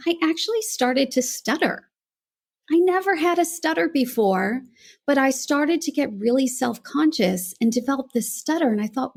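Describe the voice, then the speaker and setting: A woman's voice: high-pitched, lively intonation, moderate pace, gravelly. Earnest American woman voice coach. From United States. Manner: reflective, earnest storytelling. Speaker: guest, voice coach. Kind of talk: podcast interview.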